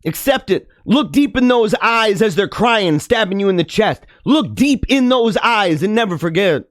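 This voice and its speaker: A man delivering an impassioned monologue to his listeners, preachy and dramatic, laughing often and swinging from loud to hushed. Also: high-pitched, lively intonation, moderate pace, no echo, studio quality. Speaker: podcast host.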